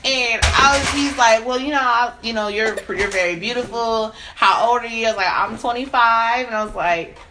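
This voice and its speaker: A woman's voice: normal speed, hardly any pauses. A woman in her twenties chatting casually as co-host, telling stories animatedly and acting out what people said with big jumps in her voice. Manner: animated storytelling, acts out quotes with big pitch jumps. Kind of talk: casual chat. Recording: noticeable background hiss.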